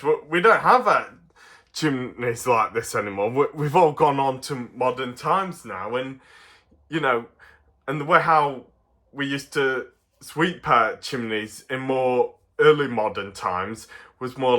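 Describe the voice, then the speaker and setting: An Englishman chats through a toy review in a rambling, casual way, his mid-range voice pushed and bright. He's full of fillers and restarts and chuckles often.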